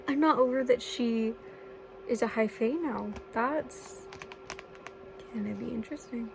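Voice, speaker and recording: A young woman talking casually in a reading vlog, chatty and filling her talk with "like," swearing when excited. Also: on the high side, a little slow, vocal fry, pauses often, noisy background. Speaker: book vlogger.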